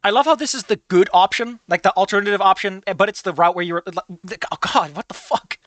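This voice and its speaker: A streamer giving animated, swear-filled commentary while playing through a story game. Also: medium pitch, quick pace, no echo. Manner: animated, swearing, laughing often.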